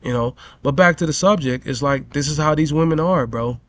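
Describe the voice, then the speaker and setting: A man's voice: on the high side, brisk, a bit bright. A young man telling a profane, rambling story as a vlogger rant, full of "bro" and "you know".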